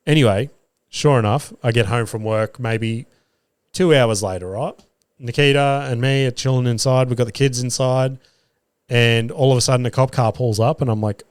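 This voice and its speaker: A man's voice: medium pitch, fairly even intonation, fairly quick, clear, resonant tone, no echo. Australian man, podcast host, casual storytelling, swears a lot, dry close sound. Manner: swears freely, acts out his own quoted lines. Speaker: podcast host and stand-up comedian.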